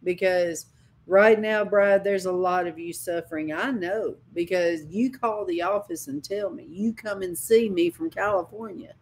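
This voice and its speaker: A woman's voice: on the low side, unhurried, slight background noise. A woman preacher giving a sermon, telling a dream as personal testimony in a dramatic, impassioned way with sudden cries.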